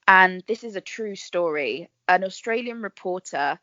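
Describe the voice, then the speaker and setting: A woman, a guest actress chatting in a podcast interview, bubbly and quick to laugh as she tells her stories. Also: on the low side, expressive, pushed and bright, no room sound, lo-fi sound. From England. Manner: chatty, bubbly storyteller who laughs often.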